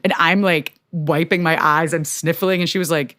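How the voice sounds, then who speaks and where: A young adult woman guesting on a podcast, telling anecdotes casually, full of fillers, jumping up in pitch when she quotes people. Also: fairly even intonation, moderate pace, fairly bright tone, no room sound, studio quality. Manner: chatty storyteller, filler-heavy, voices her quotes in high pitch.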